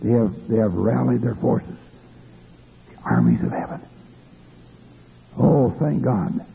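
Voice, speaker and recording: A man's voice: mid-range voice, huge pitch swings, slow, creaky, a little hiss or hum. A man preaching a fervent sermon, stopping often for hallelujahs and restarting his phrases. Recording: tinny lo-fi old recording.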